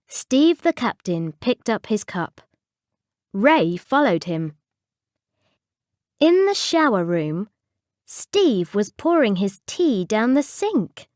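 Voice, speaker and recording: Expressive slow storybook narrator, woman. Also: on the high side, no room sound, clean studio sound. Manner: expressive, clear reading. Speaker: storybook reader for English learners.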